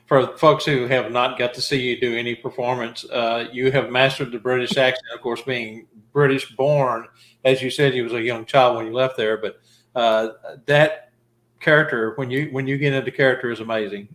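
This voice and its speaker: A male show host with a mid-range voice who talks in an easygoing, halting way. His voice rings out in a roomy, echoing space. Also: mid-range voice, steady tone, a bit bright. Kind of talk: casual interview chat.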